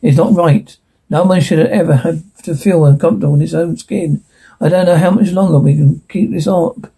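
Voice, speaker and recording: An actor playing a weary, worried man in a television drama, speaking in an earnest, halting way. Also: fairly high pitch, creaky, mellow, husky, heavily acted.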